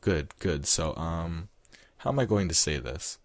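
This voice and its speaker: A man's voice: deep voice, lively intonation, a little slow, dry recording, exaggerated voice. A man voicing a shy, awkward young man who talks hesitantly. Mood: nervous. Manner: hesitant, stumbling.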